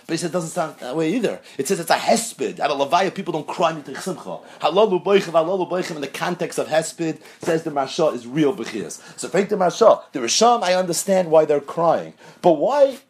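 A man giving an animated Talmudic lecture as a Torah teacher, posing questions and answering them himself. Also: fairly high pitch, husky. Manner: animated, rapid, asks and answers his own questions.

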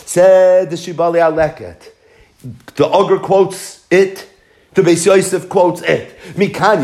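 A man teaching a Talmud lesson in an animated, sing-song study cadence, weaving in Hebrew and Yiddish terms. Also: high-pitched. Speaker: Torah teacher. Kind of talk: Talmud lecture.

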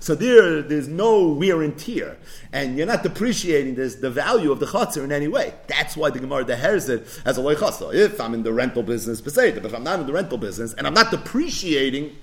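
A man's voice: a little high, sing-song, fast. A man teaching a daily Talmud page lesson, explaining in English mixed with Hebrew and Aramaic terms and asking and answering his own questions.

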